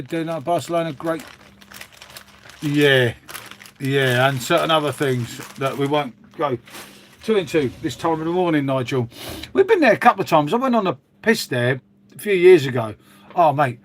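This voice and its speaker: A man hosting a casual livestream at home, rambling chattily and calling his viewers mate. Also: a little high. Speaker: livestream host reading chat. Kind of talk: casual chat with live viewers. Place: at home making a hot drink.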